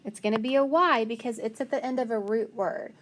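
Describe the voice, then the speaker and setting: A woman teacher slowly leading a phonics spelling lesson, patiently sounding out letters and praising answers. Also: on the high side.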